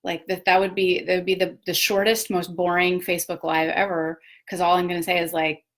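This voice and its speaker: Here a woman with a fairly low pitch and level tone talks a little fast. She's an adult parent of children hosting a live video talk on personal growth, casual and reflective, correcting herself often and using lots of fillers.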